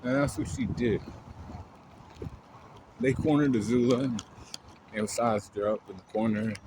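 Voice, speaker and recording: A man's voice: mid-range voice, measured pace, noisy background. A man casually retelling a story in a loose, rambling way, full of fillers and swearing.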